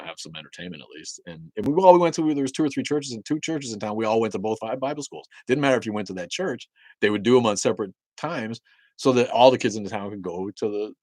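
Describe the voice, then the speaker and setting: A man's voice: lowish voice, no echo. A man hosting a casual livestream, reading viewer comments and ranting in a sardonic, profane, rambling way with lots of fillers and restarts. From Maine, USA.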